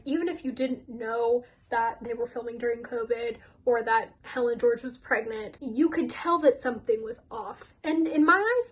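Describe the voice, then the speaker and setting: A woman's voice: high voice, poor audio. A woman giving a casual rant vlog, blunt and sweary, often laughing. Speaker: YouTuber.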